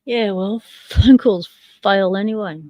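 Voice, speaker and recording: An Australian woman chats away on a livestream, rambling from one joke to the next. Her voice is mellow and dark, sitting at a middle pitch. The sound is close and dry. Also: slow, no room sound. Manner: chatty, rambling, jokey. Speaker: livestream host. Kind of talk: casual chat.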